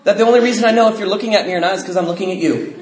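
A man tells a story to a group, fast and animated, his voice leaping up whenever he acts out someone else. His voice sits a little high for a man. The room gives it a noticeable echo, with faint noise underneath. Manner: animated storytelling, acts out others in quotes with big pitch jumps, laughing often. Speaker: recovery speaker sharing his story.

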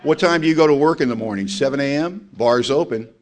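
A man's voice: mid-range voice, fast talker. A man speaking at a recovery meeting, telling his story in a blunt, emphatic and self-mocking way. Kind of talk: personal testimony talk.

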